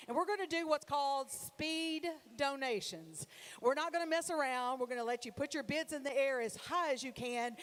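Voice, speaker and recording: A woman working as auctioneer at a charity gala, rallying the crowd and calling bid numbers rapidly. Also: sits high. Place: gala dinner hall.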